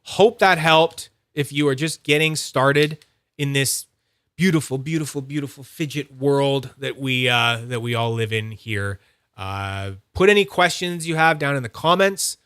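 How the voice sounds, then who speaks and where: A man hosting a fidget toy channel, chatting casually and excitably, rambling, teasing himself and greeting viewers by name. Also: on the high side, unhurried, clean tone, no room sound, clean studio sound. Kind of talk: casual rambling livestream-style review.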